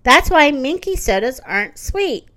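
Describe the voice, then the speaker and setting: A woman's voice: high voice, sing-song, measured pace, fairly bright tone, exaggerated voice. A woman doing a reproachful rag doll boy.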